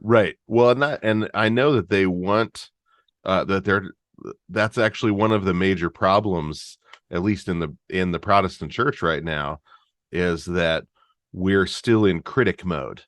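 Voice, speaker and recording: A man speaking as a podcast guest in casual conversation, halting and restarting often and laughing easily. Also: low-pitched, no room sound, clean studio sound.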